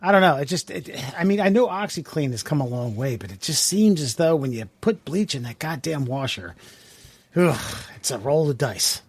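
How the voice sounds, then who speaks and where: A man's voice: a little high, lively intonation, moderate pace, husky, no room sound. A man co-hosting a podcast, musing in a laid-back, profane way. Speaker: podcast co-host. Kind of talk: casual podcast banter.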